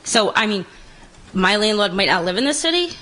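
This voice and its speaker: Female tenant, public comment, plain-spoken and indignant, average pitch. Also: very animated, normal speed, sharp tone, low-quality recording. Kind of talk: public comment at a city council meeting.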